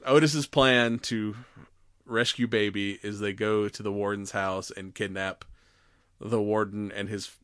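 A man's voice: lowish voice, fairly even intonation, measured pace, a bit bright, clean tone, dry recording, clean studio sound. A man co-hosting a podcast, retelling a film in casual chat, laughing often and acting out its lines. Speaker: podcast co-host.

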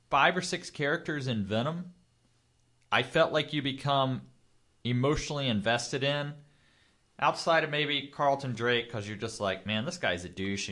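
A man's voice: mid-range voice, bright, forceful tone. A man co-hosting a podcast, giving his view on a film in casual chat with wry asides. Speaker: podcast co-host. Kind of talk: casual movie review chat.

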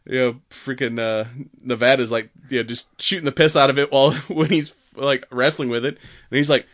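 A man's voice: medium pitch, steady tone, a little fast, fairly bright tone, no echo, clean studio sound. A man casually retelling a film's scenes in a podcast chat, laughing often and quoting characters, with plenty of fillers and swearing. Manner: profane, rambling with many fillers. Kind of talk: casual movie recap chat.

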